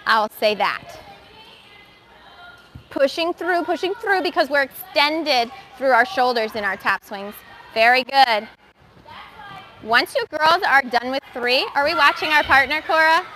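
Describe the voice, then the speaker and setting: A young woman coaching young gymnasts through a live bar practice, giving brisk, encouraging instructions. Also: sits high, sharp tone, slight background noise. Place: gymnastics gym.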